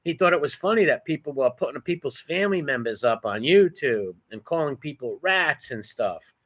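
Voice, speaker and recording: A blunt New man hosting a reaction commentary, mocking and profane. His voice is bright and somewhat high, with a forceful edge. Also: animated, normal speed. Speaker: commentary channel host.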